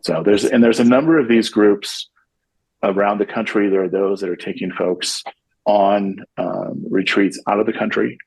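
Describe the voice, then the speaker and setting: Male podcast guest, low gravelly voice, loose conversational delivery full of restarts, dry close sound. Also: steady tone, moderate pace, darkish tone, no room sound, rough recording. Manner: rambling with frequent restarts and fillers. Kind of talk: casual conversational interview.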